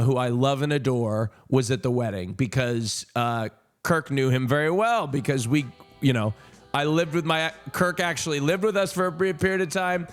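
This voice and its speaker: Animated gay streamer telling a story. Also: male voice. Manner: animated, swears, jumps between high indignant and low earnest tones. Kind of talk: casual storytelling to chat.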